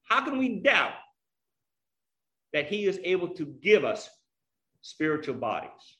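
Brief: man preacher, earnest teaching sermon, high bright voice. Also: big pitch swings, a little slow.

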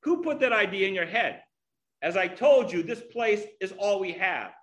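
A man voicing a stubborn, scornful unborn boy twin who shouts indignantly while reading a parable. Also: high voice, expressive, moderate pace, rough recording. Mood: angry.

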